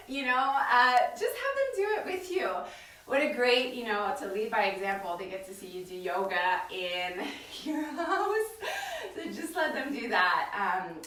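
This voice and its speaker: A woman teaching a live-streamed yoga class from her home studio, chatty and gentle, with many fillers. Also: mid-range voice. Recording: echoey room, voice from far off the mic.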